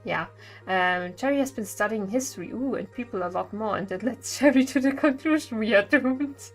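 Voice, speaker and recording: A woman's voice: fairly high pitch, moderate pace, soft background music. A woman streamer chatting casually with her viewers, rambling and laughing often between thoughts. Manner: giggly, rambling, chatty with frequent laughs and fillers.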